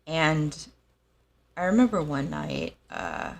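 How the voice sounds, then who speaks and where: A young woman with a low voice and a gravelly edge tells her own story. She speaks slowly and haltingly, with her pitch moving widely. She pauses often and talks softly. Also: wildly swooping pitch. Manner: halting, soft-spoken, with frequent pauses and fillers. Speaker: host. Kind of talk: personal storytelling monologue.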